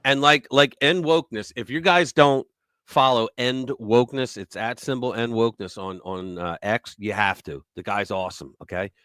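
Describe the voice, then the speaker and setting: A man's voice: medium pitch, normal speed, clean tone, dry recording, studio quality. A man hosting a live stream, chatting casually, joking and reading news aloud. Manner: animated, joking, reads articles aloud. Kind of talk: casual commentary chat.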